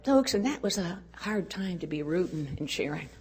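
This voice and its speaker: An older woman speaking at a women's conference, telling a personal story in an earnest way and dropping to a hush at tender moments. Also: fairly low pitch, animated, normal speed, very noisy. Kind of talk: storytelling talk.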